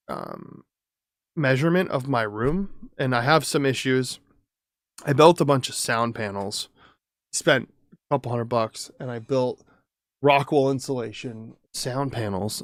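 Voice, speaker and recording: Male streamer, casual and profane, lively delivery, dry home-studio sound. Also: mid-range voice, no room sound. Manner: rambling, swearing, chatty with viewers. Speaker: streamer and audio engineer. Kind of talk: casual live-stream chat.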